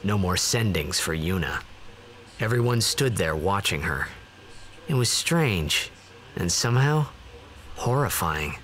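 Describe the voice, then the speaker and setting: A man's voice: low-pitched, lively intonation, unhurried, long pauses, fairly bright tone. An actor playing a troubled, earnest young man in video game dialogue. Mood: reflective. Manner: troubled, reflective.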